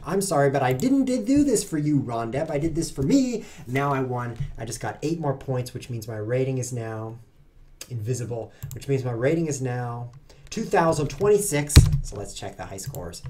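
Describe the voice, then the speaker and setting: A man's voice: mid-range voice, darkish tone. A man streaming online chess, chatting to his viewers in a playful, self-mocking way as he plays. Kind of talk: live-stream commentary while playing.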